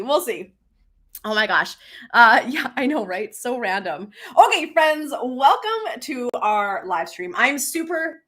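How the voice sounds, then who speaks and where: A woman's voice: a little high, fairly bright tone. A woman hosts a casual live stream as a business coach, chatting with lots of laughter and fillers and reading comments aloud.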